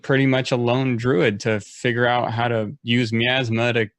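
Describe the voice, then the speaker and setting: A man's voice: mid-range voice, little pitch movement, moderate pace, dry recording. A man game master telling a story on a panel, modest and easygoing. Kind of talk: casual storytelling.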